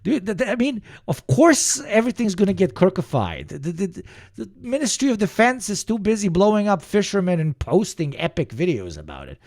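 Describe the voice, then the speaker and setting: A man's voice: high voice, big pitch swings, fairly quick, darkish tone. A young man streaming, reacting to clips in rambling, profane, laughing commentary with many restarts.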